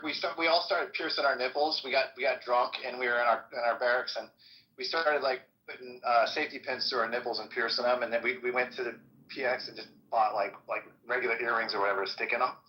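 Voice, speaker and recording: A man's voice: medium pitch, highs cut off. A man who is a Marine veteran, telling a story in casual chat with frequent swearing. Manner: profane, fast, chatty.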